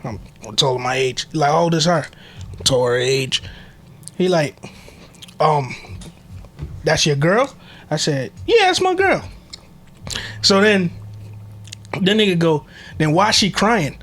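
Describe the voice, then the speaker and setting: A man's voice: a little high, unhurried, long pauses, a bit bright. A man co-hosting a podcast, telling wild stories in loose slang and laughing often. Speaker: podcast co-host. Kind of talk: casual chat, storytelling.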